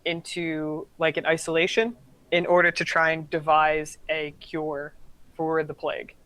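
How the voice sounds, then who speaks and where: A man narrates a tabletop game as game master in a flat, level voice. He rambles and hedges, piling up fillers as he goes. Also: a little high, a little slow, clear, resonant tone, no room sound.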